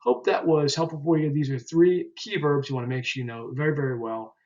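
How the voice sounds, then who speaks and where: A man teaching a language lesson, carefully pronouncing example phrases slowly and explaining them with frequent fillers. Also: on the high side, fairly even intonation, a little mellow, dull audio. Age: older than twenty, joking about it. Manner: slow, deliberate pronunciation of example phrases with uh fillers. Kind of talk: explaining vocabulary step by step.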